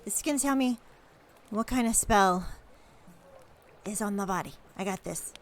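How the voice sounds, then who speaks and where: A woman voicing an excited, overconfident young woman spellcaster who talks in a rush. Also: medium pitch, lightly acted. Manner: rushed, excitable.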